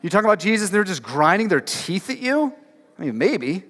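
A pastor delivers a casual sermon in a sing-song, high-pitched voice, fairly quick and fairly bright. He fills it with filler words and emphatic rhetorical questions directed at the congregation, while long hall reverb fills the church sanctuary.

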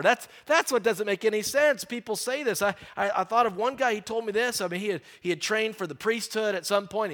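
A middle-aged man preaching a sermon, stressing key phrases slowly and often repeating words as he talks. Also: high-pitched, bright, forceful tone.

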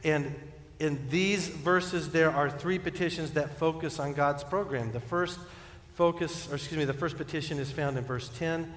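A man delivering a sermon in a fairly high voice, earnest, building to emphatic peaks and easing back down. The sound rings through a large church hall, with a long reverb trailing each phrase. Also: normal speed. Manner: earnest preaching, rising to emphatic peaks then dropping soft. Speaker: pastor.

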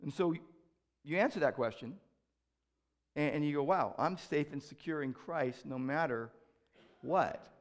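A male pastor delivers a sermon in a somewhat high voice. He repeats his central phrase emphatically and fires off rhetorical questions. Bursts of loud proclamation give way to calmer, reflective stretches. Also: unhurried, long pauses. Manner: swings from loud proclamations to quieter reflective asides.

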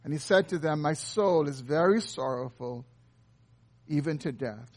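A man's voice: fairly high pitch, measured pace. A man preaching an earnest expository sermon, reading and explaining scripture. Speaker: pastor.

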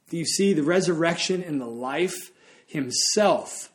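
Man, pastor, sermon, earnest, slightly high voice. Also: expressive, unhurried.

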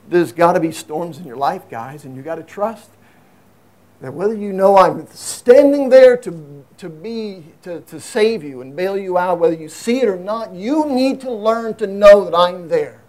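A man preaching a sermon in an earnest way, swinging from emphatic raised passages to low, quiet asides. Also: animated, normal speed. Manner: earnest, rises to emphatic high peaks then drops low and quiet.

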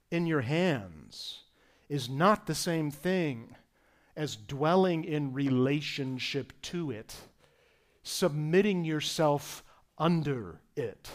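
Earnest preaching man, higher voice. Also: expressive, takes it slowly. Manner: earnest preaching, rising emphatic on key points, softer reflective asides. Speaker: pastor. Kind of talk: sermon.

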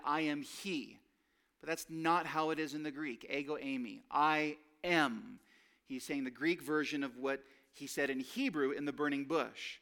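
A man delivering a sermon in a fairly high voice. He speaks earnestly and pushes up on the phrases he wants to land. He slows and drops lower when he reads scripture aloud. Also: a bit bright. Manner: earnest preaching that rises on key phrases. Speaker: pastor.

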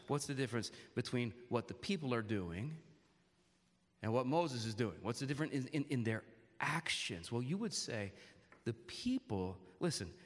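A man's voice: mid-range voice, in a large hall. A man preaching a sermon earnestly, asking his congregation questions and restarting his phrases often.

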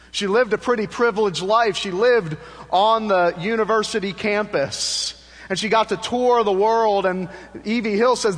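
A man's voice: high-pitched, big-room sound. A male pastor preaching a sermon in a church, telling a story with passion and building to fervent appeals. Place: church sanctuary.

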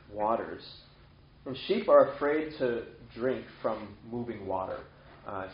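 Laid-back male preacher, talks like chatting with friends; echoey room, muffled lo-fi audio. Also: medium pitch. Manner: casual, animated, acts out sheep voices. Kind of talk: conversational sermon. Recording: roomy, slightly dull sound.

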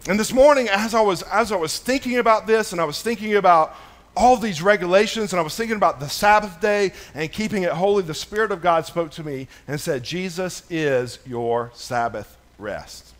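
A man in his thirties preaching a sermon as a pastor, casual and conversational, with many fillers, shifting between soft storytelling and louder emphatic stresses. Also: sits high, fast talker. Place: church.

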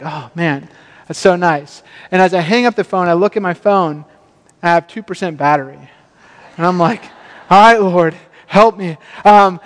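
A man with a high voice preaches in a church hall, and his words ring out with a long, hanging reverb. He tells a personal story with self-deprecating humor and brings quoted lines to life. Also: clean tone. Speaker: pastor.

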